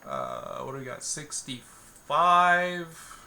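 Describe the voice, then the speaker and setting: A man's voice: a little high, huge pitch swings, slow pace, very noisy. A man narrating a solo tabletop game, meandering with many fillers and restarts as he thinks aloud.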